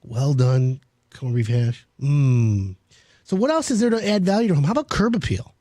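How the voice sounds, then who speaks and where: Male radio host, high husky voice, brash sales patter, dry close mic. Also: very animated, fairly quick, darkish tone, no room sound. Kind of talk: home improvement radio talk.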